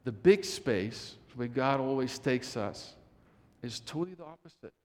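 A man preaching a sermon, repeating phrases, rising to loud emphasis and dropping to hushed near-whispers. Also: mid-range voice, expressive, unhurried. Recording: long hall reverb.

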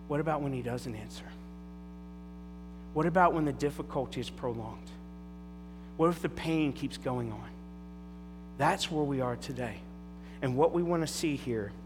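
Animated male pastor in a reverberant hall. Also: on the high side. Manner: animated storytelling with emphatic asides. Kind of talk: sermon. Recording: long hall reverb with faint music.

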